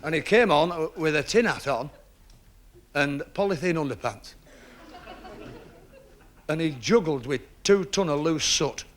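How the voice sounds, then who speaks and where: A man's voice: on the high side, lively intonation, measured pace, pauses often. A man doing stand-up patter, stumbling and restarting as he goes. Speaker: stand-up comedian. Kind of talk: stand-up joke telling. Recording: audience laughter and tape hiss.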